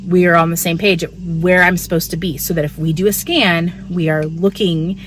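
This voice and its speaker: This woman has a fairly low, steady voice at a moderate pace, with slight background noise. She's a vlogger giving a candid, chatty pregnancy update, peppering her talk with "like."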